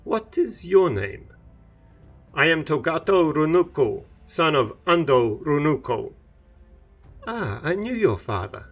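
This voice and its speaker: A man's voice: a little high, big pitch swings, measured pace, faint music behind, pitched above the performer's own voice, heavily acted. A man voicing an ageless woman warrior-monk in a storybook reading, clipped and commanding, raised above his own voice. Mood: probing.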